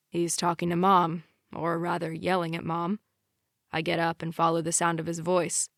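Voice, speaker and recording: A woman narrating a first-person romance audiobook in a steady, unhurried way. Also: on the low side, dry recording, studio quality.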